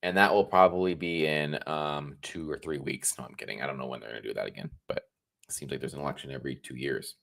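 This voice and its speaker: A man's voice: very deep voice, fast talker, vocal fry, fairly bright tone. A man in his thirties from the United States, giving sarcastic political commentary on a solo livestream, often restarting his sentences. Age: 30s.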